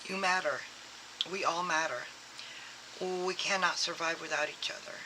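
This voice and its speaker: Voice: medium pitch, fairly even intonation, normal speed, noisy background. A tarot reader giving a casual, rambling reading full of fillers and acted-out quotes. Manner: rambling and filler-heavy, acts out quoted thoughts.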